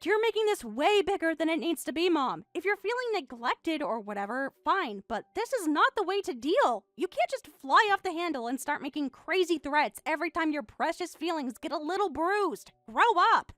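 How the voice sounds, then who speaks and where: A woman's voice: high voice, sing-song, moderate pace, few pauses, a bit bright, dry recording, studio quality. Mia, a woman playing a bratty teen daughter. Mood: snippy. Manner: snippy, whiny, swings to frantic. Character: bratty, defensive teenage daughter. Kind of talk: dramatized text-story reading.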